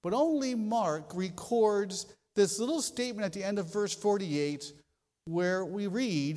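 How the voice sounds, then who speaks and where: A man with a fairly high voice delivers a sermon from the pulpit. He tells stories with animated emphasis and repeats short lines for effect. His voice rings with the long reverb of a large church hall. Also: a little slow. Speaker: pastor.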